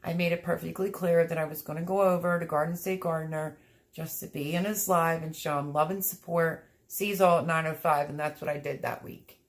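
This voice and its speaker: A woman's voice: deep voice, steady tone, brisk. A woman hosting a livestream, chatting casually and reading out viewer comments, effusive and a little teary. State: sniffling, teary. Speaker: livestream host.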